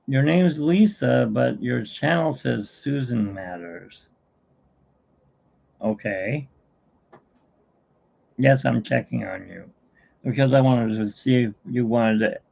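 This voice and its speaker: A man's voice: medium pitch, slow, gravelly, pauses often, a little mellow, breathy edge, lo-fi sound. A middle-aged man hosting a live stream, chatting casually and telling jokes in a rambling, self-mocking way.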